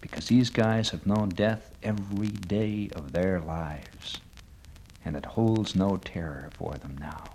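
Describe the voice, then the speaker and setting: A man's voice: sits low, slow pace, warm tone, slight background noise, poor audio. A man delivering a wry comic monologue on the radio, building sardonic lists toward a punchline.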